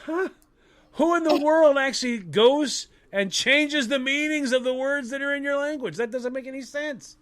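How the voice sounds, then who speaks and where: A man's voice: extremely high pitch, moderate pace, hardly any pauses, a bit bright. A man co-hosting a podcast, talking in playful, rambling casual banter. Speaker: podcast co-host.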